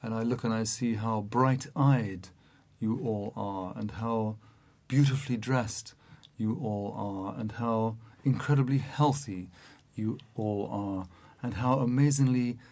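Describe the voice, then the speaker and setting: A man softly quoting a famous male boxer who addresses a lecture hall in a quiet, gentle voice. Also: on the low side, measured pace, hardly any pauses.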